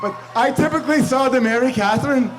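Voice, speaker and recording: A very high-pitched man rambles through a bawdy roast toast in a banquet room. He laughs between jokes while a crowd murmurs and laughs in the background. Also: quick pace, rough recording. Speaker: toast giver at a club party.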